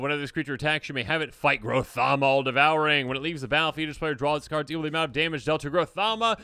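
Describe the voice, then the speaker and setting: A man hosting a casual card game review, animated and jokey, now and then acting out silly voices. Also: on the high side, no echo. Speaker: host.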